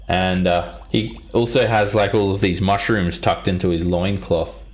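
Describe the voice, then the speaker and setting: A man narrating as game master of a tabletop game, describing the scene in an unhurried way with fillers. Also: sits low, poor audio.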